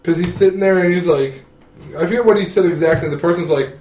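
High-voiced man retelling a film, laughing. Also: quick pace. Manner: animated, laughs through his retelling. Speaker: friend recapping a film. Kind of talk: casual chat. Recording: roomy sound from a distant mic.

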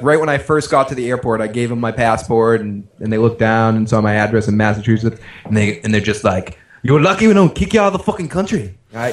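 A man from Boston telling an easygoing story in casual chat, laughing at himself now and then. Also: medium pitch.

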